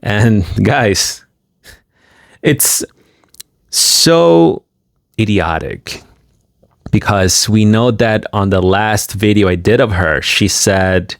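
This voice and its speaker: A man's voice: on the low side, drawn-out words, gravelly, pauses often, no room sound, studio quality. A man from the United States doing scornful commentary on a livestream clip in a mocking tone.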